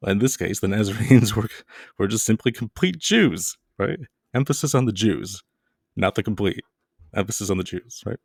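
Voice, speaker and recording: A man's voice: fairly low pitch, normal speed, creaky, a little mellow, no room sound, studio quality. A man giving a casual video lecture, dropping playful jokes and mock-scary asides.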